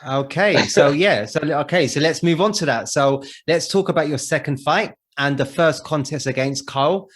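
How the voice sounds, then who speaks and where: A man hosting an interview, asking leading questions and chiming in with quick affirmations. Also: on the high side, animated. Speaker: interviewer host.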